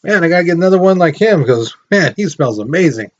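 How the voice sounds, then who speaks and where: A man's voice: fairly high pitch, lively intonation, quick pace, muffled recording, pitched above the performer's own voice, close to an everyday voice. A man voicing a gleeful, exaggerated German man in a mocking classroom joke. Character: gleeful German man, joking about soap.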